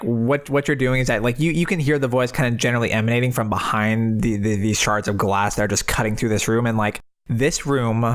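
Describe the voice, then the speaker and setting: A man's voice: lowish voice, fairly bright tone. A man running a tabletop game as game master, narrating scenes with frequent ums and restarts. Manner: hesitant, lots of ums and restarts.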